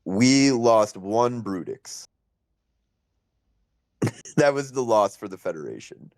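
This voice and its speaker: A man hosting a podcast, telling a story in an animated, casual way, full of fillers and laughter. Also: fairly low pitch, slow, no room sound. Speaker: podcast host.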